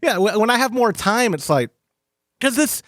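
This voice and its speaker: Male podcast host, chatty and animated, swooping pitch, dry close mic. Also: normal speed, no echo. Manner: animated storytelling with quoted voices. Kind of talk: casual chat.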